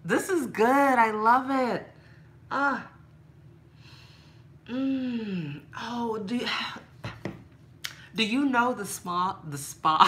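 A woman talking casually and playfully to her viewers in a shopping haul vlog, laughing often and getting animated when she complains. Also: drawn-out words, pauses often, slight background noise. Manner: playful, laughs a lot, talks straight to viewers as "girl"; animated, rises high when mock-angry. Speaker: vlogger showing a shopping haul.

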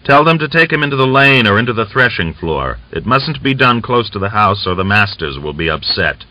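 A man's voice: on the low side, very animated, moderate pace, bright, forceful tone, voice pushed up, full character voice. A man voicing a curt, commanding male rebel leader who gives clipped orders. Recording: dull lo-fi audiobook recording.

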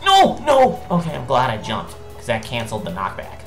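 A woman hosting a let's play, exasperated and swearing as she shouts at a hard level. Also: very deep voice, animated, fast. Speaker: gaming channel host. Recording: echoey room with faint game music.

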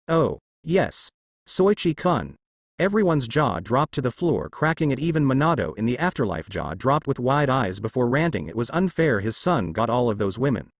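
A man narrating a fan fiction story in an expressive storytelling manner. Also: mid-range voice, brisk, few pauses, dry recording.

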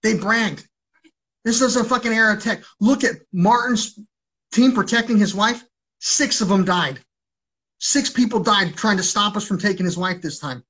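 A man's voice: high voice, moderate pace, fairly bright tone, breathy edge. A man ranting on a livestream in an agitated, rambling way, swearing heavily.

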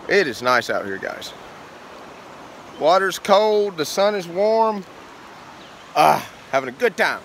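Bouncy, high-voiced man vlogging outdoors. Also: a little slow, long pauses, a little hiss or hum, rough recording. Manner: excited, playful, sing-song. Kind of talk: casual trail vlog chat. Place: outdoors by a creek.

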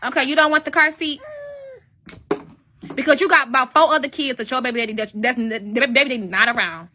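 Casual: twenty-something woman ranting on a vlog, cussing and mocking, sharp bright voice, some light noise. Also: high-pitched, brisk. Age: 20s. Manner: blunt, profane and mocking, repeats taunting questions. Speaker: commentary vlogger. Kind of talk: ranting commentary.

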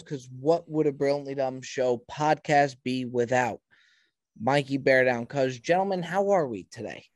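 A man's voice: on the high side, dry recording, clean studio sound. A man hosting a podcast in casual banter, emphatic and repeating himself as he talks over his co-hosts. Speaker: podcast host.

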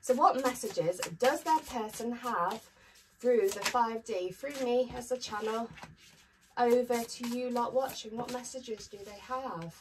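Chatty higher-voiced woman reading tarot. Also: a little slow. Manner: chatty, upbeat, with frequent ums. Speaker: tarot reader. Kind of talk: casual tarot reading to camera. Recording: distant mic with faint noise.

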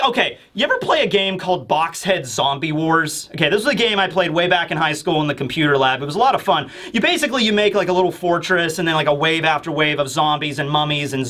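A man reviewing a manga chapter in casual commentary, animated and joking, acting out scenes. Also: a little high.

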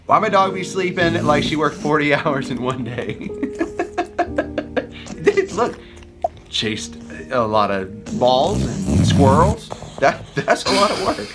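A man's voice: fairly high pitch, animated, slow pace. Guy reacting to funny pet videos, bouncy up and down voice, laughs a lot, music going behind him. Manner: playful, laughs often, jokes about the animals. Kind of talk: casual commentary. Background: music playing.

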